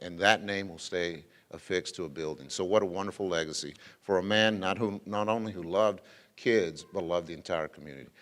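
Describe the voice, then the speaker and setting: A man's voice: low voice, a bit bright, long reverb tail. A middle-aged man, a former school superintendent, giving an informal dedication speech full of anecdotes, fillers and restarts. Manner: folksy, rambling, frequent fillers and restarts. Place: ceremony venue with an audience.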